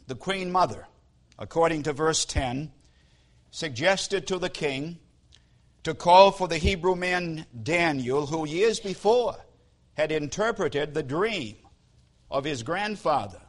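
A man preaching a sermon and retelling a scripture story in a deliberate, solemn way. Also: fairly high pitch.

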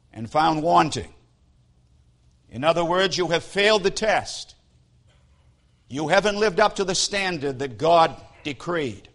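A man preaching a sermon and retelling a scripture story in a deliberate, solemn way. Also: a little high, a bit bright.

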